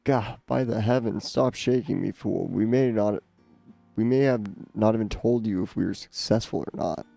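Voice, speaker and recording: Man playing a scornful talking book, pompous, formal, gravelly, low. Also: normal speed, dark tone, dry recording, faint music behind. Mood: irritated. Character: haughty talking magic book, male, scornful.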